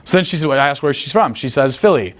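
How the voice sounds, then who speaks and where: A young man teaching as a dating coach in casual seminar talk, blunt and crude, checking in with his listeners often. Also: fairly bright tone. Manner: blunt and crude, acts out quick high-pitched quoted exchanges.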